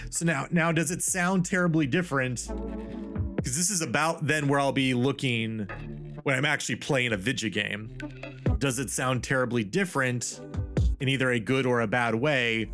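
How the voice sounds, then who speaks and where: A man streaming from home, casually chatting and repeating silly test phrases while adjusting his mic settings. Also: mid-range voice. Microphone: studio desk mic. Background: music playing.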